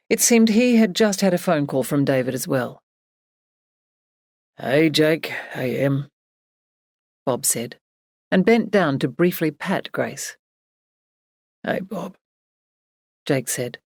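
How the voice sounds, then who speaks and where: Low-voiced woman reading a novel. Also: animated, normal speed, darkish tone, dry recording, studio quality. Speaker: audiobook narrator. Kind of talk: scripted narration.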